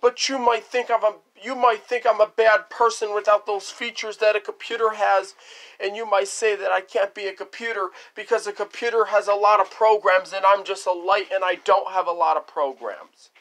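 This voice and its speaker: A man's voice: high-pitched, fairly even intonation, moderate pace, fairly bright tone. A man voicing a street light that pleads to be called a computer, in a whiny, pleading way.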